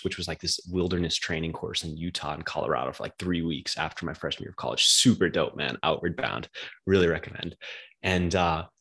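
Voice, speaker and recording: A man's voice: deep voice, fairly bright tone, slightly rough. A young man from the United States, talking casually and loosely as a podcast guest, with lots of slang. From United States, outside New York City.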